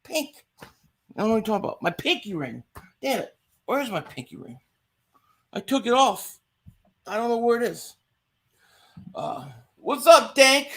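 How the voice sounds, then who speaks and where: A man's voice: sits high, a bit bright. A man hosting a casual livestream, chatting away and greeting viewers by name. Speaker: livestream host. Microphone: home streaming mic.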